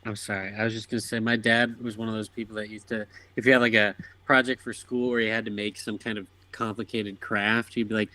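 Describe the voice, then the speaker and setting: A man's voice: lowish voice, little pitch movement, brisk, few pauses, sharp tone, no room sound. A man co-hosting a podcast in casual chat, jokey and swearing casually. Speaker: podcast co-host.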